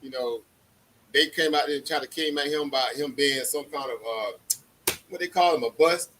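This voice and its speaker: Laid-back bright-voiced man chatting. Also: fairly high pitch, moderate pace, a little hiss or hum, low-quality recording. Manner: laid-back, slangy, laughs often. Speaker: livestream host. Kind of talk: casual chat.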